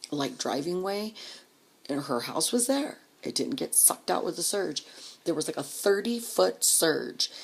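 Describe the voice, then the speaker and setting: A woman with a deep, gravelly, slightly husky voice tells a personal story straight to the camera. She talks casually and swears a lot. She acts out the people she met, and sometimes she drops to a whisper. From Denver area, US. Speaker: vlogger.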